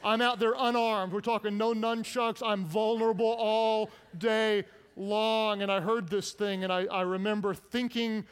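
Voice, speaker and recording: A middle-aged man, a pastor, preaching a sermon and telling personal stories with humor and hushed intensity. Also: sits high, little pitch movement, a little slow, few pauses, clean tone, long reverb tail.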